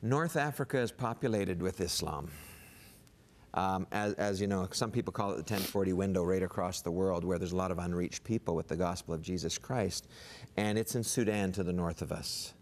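A man's voice: low voice, brisk, slight background noise. A man talking on a studio talk show as a guest missionary and TV producer, earnest and enthusiastic, with frequent restarts. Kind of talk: casual studio chat.

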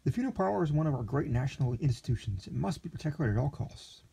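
Greedy patronizing city lawyer read by a man, dark gravelly voice, husky. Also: mid-range voice, lively intonation, quick pace, voice pushed up, full character voice. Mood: scheming. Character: greedy smooth-talking male city lawyer.

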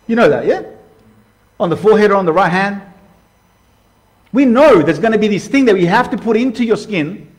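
A man preaching casually to his viewers, animated and direct, calling them "guys" and acting out quoted voices. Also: high-pitched, a little fast, long pauses. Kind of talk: casual sermon to camera.

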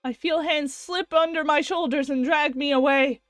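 A woman's voice: high voice, steady tone, moderate pace, fairly bright tone, no room sound, faint music behind. A woman voicing a guilt-stricken young male scientist, narrating with anguish as she reads a visual novel aloud. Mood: shattered. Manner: anguished first-person narration.

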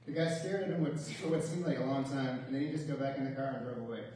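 A man's voice: mid-range voice, quick pace, mellow, a little hiss or hum. A man giving a eulogy for his father in a church, telling humorous stories with a wry, chuckling manner. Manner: wry storytelling with light chuckles. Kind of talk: funeral eulogy with humorous anecdotes. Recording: very echoey church, distant mic.

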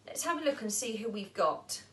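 A woman storyteller at a nursery reading a picture book aloud to young children, animated and asking them questions. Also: medium pitch, brisk.

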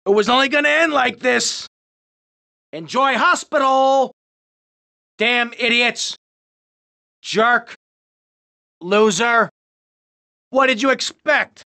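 A man's voice: extremely high pitch, pushed and bright, full character voice. An actor playing a hot-tempered middle-aged male gangster in a video game, barking short hostile taunts. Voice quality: gravelly, menacing. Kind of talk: game voice lines.

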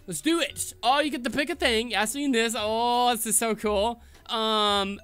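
A man hosting a casual let's-play, chatting in an excitable, jokey way while he plays. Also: very high-pitched, a little slow, hardly any pauses, clear, resonant tone, soft background music. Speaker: gaming channel host.

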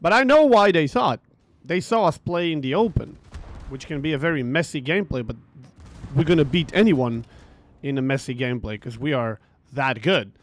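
A man's voice: fairly high pitch, normal speed. A man ranting about a tournament over gameplay, frustrated and swearing, repeating himself as he tells the story. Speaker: gaming streamer.

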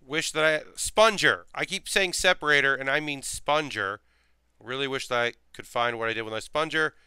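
A man's voice: mid-range voice, moderate pace, sharp tone, smooth, no room sound. A man streaming a model build, rambling casually and muttering to himself as he works. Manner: rambling, thinks aloud, mutters to himself while working. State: sleepy, yawning. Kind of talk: casual live-stream chat while building.

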